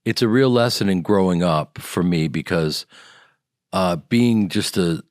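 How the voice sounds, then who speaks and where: Lively storytelling man, dry studio. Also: sits low, unhurried, no room sound. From American Midwest. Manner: animated storyteller who acts out quoted people. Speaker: actor and comedian guest. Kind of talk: radio interview. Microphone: studio microphone.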